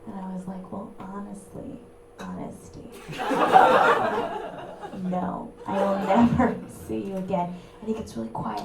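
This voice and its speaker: A young woman performing a stand-up comedy set in an apartment, with a brassy, punchy delivery and sudden loud bursts. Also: mid-range voice, fairly even intonation, unhurried, gravelly, very noisy. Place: small apartment room with a live audience. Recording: echoey room recorded from far off. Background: audience laughter.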